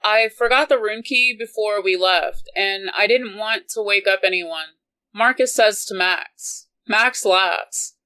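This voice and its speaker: Slow, bright-voiced woman reading aloud. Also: medium pitch, rough recording. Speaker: audiobook reader. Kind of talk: reading a romance novel aloud.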